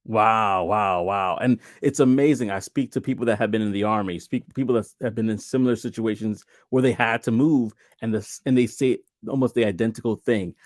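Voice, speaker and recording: A man's voice: on the low side, fairly quick, hardly any pauses, dry recording, clean studio sound. A man hosting an interview, asking enthusiastic, rambling questions with lots of affirming hums. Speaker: podcast host. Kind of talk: casual interview chat.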